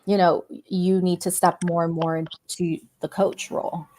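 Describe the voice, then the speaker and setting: A woman guest, a business coach, speaking in casual chat with a measured, encouraging coaching manner. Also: on the low side, level tone, dark tone, a little hiss or hum.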